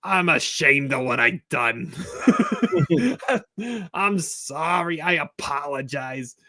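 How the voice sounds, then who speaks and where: A man's voice: on the high side, expressive, extremely slow, voice pushed up, exaggerated voice. A man doing a comic impression of a hot-tempered older baseball coach who keeps apologizing. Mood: sheepish. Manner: shouty, whiny comic impression.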